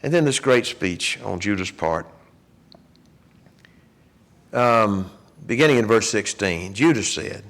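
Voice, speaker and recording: A man teaching a Bible class in a church, retelling the story in a lively way and acting out the people's words. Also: fairly low pitch, a little slow, pauses often.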